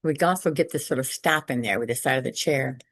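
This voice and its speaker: A woman art teacher giving a casual lecture over slides, enthusiastic and quick to repeat herself. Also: rumbling low, fairly bright tone, no room sound.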